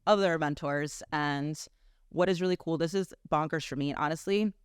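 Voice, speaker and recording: A woman's voice: deep voice, normal speed, clear, resonant tone, dry recording, clean studio sound. A woman guest on a podcast, chatting casually and animatedly, acting out quotes and laughing often. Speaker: podcast guest, business owner.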